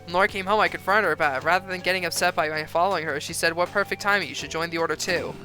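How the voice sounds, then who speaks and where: A man's voice: sits high, racing, pushed and bright, soft background music. A man putting on a frantic pleading mother. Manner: pleading, anxious, earnest. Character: worried middle-aged mother pleading for her daughter. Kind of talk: reading game dialogue aloud on a stream.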